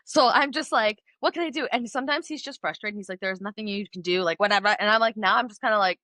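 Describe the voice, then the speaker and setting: Bright fast-talking young woman guest. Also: mid-range voice, no room sound. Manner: animated storytelling, acts out quotes, laughs often. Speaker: podcast guest, author. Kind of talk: casual interview chat.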